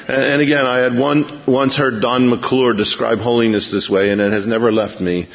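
A man's voice: medium pitch, flat delivery, normal speed. A man preaching a verse-by-verse sermon, retelling scripture in a folksy, chuckling way. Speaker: pastor. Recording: lo-fi radio broadcast with long reverb.

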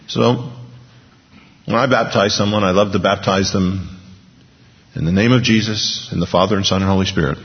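A man preaches in a low, gravelly voice, his earnest sermon moving between hushed passages and emphatic ones. The recording is dull and lo-fi, and the words ring out with a long reverb. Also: fairly even intonation, fairly quick. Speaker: pastor.

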